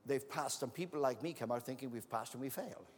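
Fast and medium-pitched, a man preaches a sermon in a church hall, weaving in stories and performing the voices of the people in them. Background noise can be heard, along with the long reverb of a large hall.

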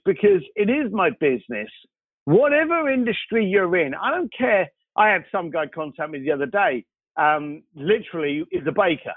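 A lively, high-voiced man with a breathy edge comes through a tinny, phone-like, dry line with no echo. He's a concierge business owner guesting on an interview, telling stories animatedly and acting out the dialogue.

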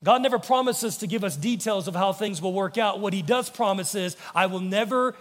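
A man with an American accent, a pastor preaching a sermon to his congregation, earnest, and his voice drops low and soft when he quotes. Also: a little fast, long reverb tail, soft background music. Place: church sanctuary.

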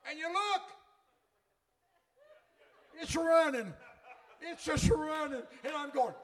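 A man's voice: very high voice, lively intonation, takes it slowly, pauses often, fairly bright tone. A middle-aged man preaching a sermon in a fervent, folksy way.

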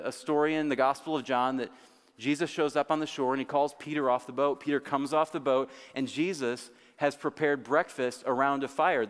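A male pastor delivering a sermon, slowing down dramatically to stress key words. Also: mid-range voice, clean tone. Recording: long hall reverb.

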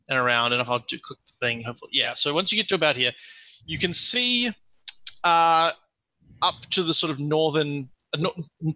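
Guy dm narrating a dungeon, rambly, higher voice, very bright. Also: dry recording, low-quality recording. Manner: rambling, many restarts and fillers. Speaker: game master. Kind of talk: narrating a tabletop game.

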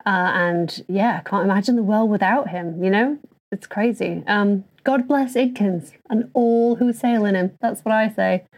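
Casting: woman author, mid pitch, rambling self-deprecating testimonial. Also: unhurried, a little mellow. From Yorkshire, England. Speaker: guest author. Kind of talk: mock testimonial monologue.

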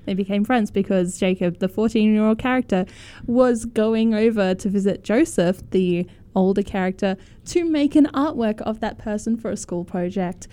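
A woman's voice: medium pitch, moderate pace, hardly any pauses, warm tone. A young woman co-hosting a casual chat about books, rambling a little and laughing as she reacts to reviews. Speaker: co-host of a book talk.

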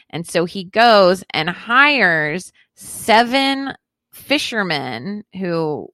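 A woman's voice: on the low side, expressive, takes it slowly, fairly bright tone, no room sound. A woman hosting a podcast, casually telling a story in a profane, rambling way with lots of fillers. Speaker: podcast host.

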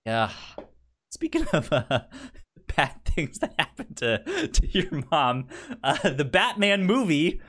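Podcast co-host, male, unhurried and lively in pitch, stammers and laughs through his stories. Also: slight background noise. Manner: stammering, laughs a lot while telling stories. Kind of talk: casual chat.

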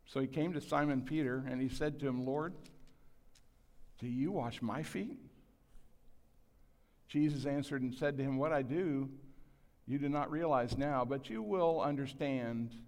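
A man in his sixties delivers a sermon to a large congregation. His voice sits at an ordinary pitch, earnest and self-deprecating, and he acts out the lines he quotes. A long hall reverb trails every phrase. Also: normal speed, darkish tone. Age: 60s. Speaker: pastor.

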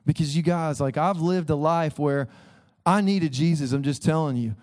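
Man in his 30s, pastor, conversational sermon, a touch high, soft dark tone. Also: normal speed. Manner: earnest, conversational preaching with frequent "listen". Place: church sanctuary.

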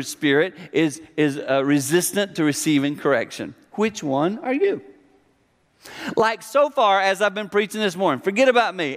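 A middle-aged man preaches to a congregation in a church hall. His voice sits a little high, and he talks in a conversational yet emphatic way, slipping into the voices of the people he quotes. A long reverb from the hall trails behind his words. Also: fairly bright tone. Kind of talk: sermon.

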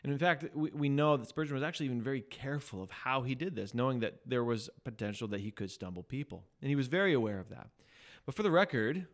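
Guy cohosting a chill podcast, chatty, laughs at himself, mid pitch. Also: fast. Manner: chatty, laughs at himself, reads quotes with emphasis. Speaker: podcast co-host. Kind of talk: casual podcast chat and story reading.

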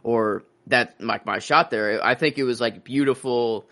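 A man's voice: medium pitch, measured pace, a bit bright. Rambling male podcast co-host. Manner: rambling, acts out scenes in character voices. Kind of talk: casual movie discussion.

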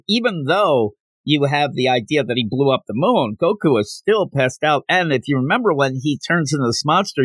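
A man's voice: a little high, a bit bright, husky, no room sound. Chatty man hosting a dry-sounding podcast. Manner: chatty and digressive, laughing and acting out quotes. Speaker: podcast host. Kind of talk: casual solo podcast recap.

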